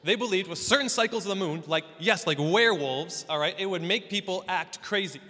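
A man's voice: high voice, fairly quick, sharp tone. A man preaching a casual, playful sermon in a church hall, with joking asides. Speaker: pastor. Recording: long hall reverb.

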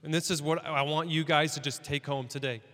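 A man preaching a sermon in a church, talking in a conversational, animated way. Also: fairly high pitch, brisk, long reverb tail. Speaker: pastor.

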